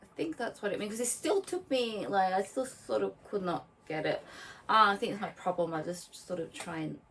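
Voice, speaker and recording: A woman co-hosting a casual podcast chat, animated and fidgety, who swears and laughs as she talks. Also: medium pitch, brisk, far from the mic, a little hiss or hum, poor audio. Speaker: podcast co-host.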